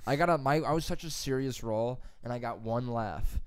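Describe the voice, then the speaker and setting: A young man chatting casually as a podcast co-host, telling animated stories full of swearing. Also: mid-range voice, a little fast, smooth, no echo. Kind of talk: casual chat.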